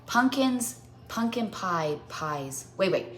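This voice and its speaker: A woman's voice: mid-range voice, animated, a little slow, bright, forceful tone. A woman in her forties hosting a casual baking livestream from her home kitchen, playful and tripping over tongue twisters as she chats. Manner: playful, stumbling through tongue twisters and jingles.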